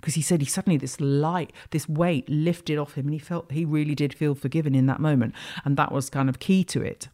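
A woman's voice: deep voice, fairly even intonation, a little fast, hardly any pauses, dark tone. A woman hosting an astrology talk show, musing in a rambling, reflective way with many restarts. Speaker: astrology podcast host. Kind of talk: casual spiritual monologue.

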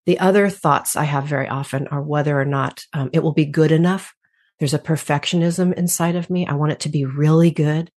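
A woman's voice: low-pitched, steady tone, brisk, darkish tone. A woman guest in an interview, speaking reflectively and laughing often. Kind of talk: conversational interview.

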